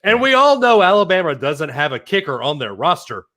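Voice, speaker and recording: A man co-hosting a podcast in casual chat, excitable and reading out listener comments. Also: fairly high pitch, brisk. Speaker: podcast co-host.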